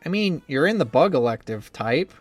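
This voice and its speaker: A man's voice: fairly high pitch, very animated, moderate pace, breathy edge, dry recording, soft background music. A man reading a visual novel game aloud as the male lead, wry, teasing and blunt in manner. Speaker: game narrator and reader.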